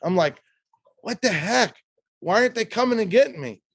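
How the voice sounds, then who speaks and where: High-voiced older man telling a story. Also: creaky, breathy edge, no echo. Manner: animated, fast storyteller who keeps restarting sentences. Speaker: podcast guest. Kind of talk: personal storytelling in a podcast interview.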